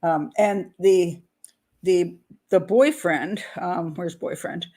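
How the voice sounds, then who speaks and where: A woman's voice: lowish voice, slow pace, dark tone. Woman, profiler host; reads true-crime passages aloud, dramatizes quotes, loose conversational asides. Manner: chatty asides with restarts between read passages. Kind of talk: reading a true-crime book aloud with commentary.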